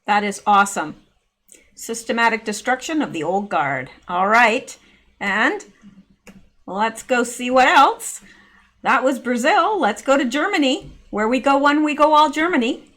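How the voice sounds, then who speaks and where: A middle-aged woman chats her way through a video commentary. Her voice sits a bit high, and she drifts into rambling asides as she goes. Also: lively intonation, a little slow, a bit bright. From Canada. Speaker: channel host.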